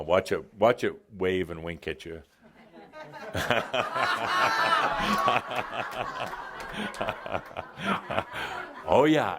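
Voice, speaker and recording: A man giving a live channeled spiritual talk to an audience, playful and theatrical, often laughing and teasing the people in the room. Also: deep voice. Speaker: channeler addressing a spiritual group.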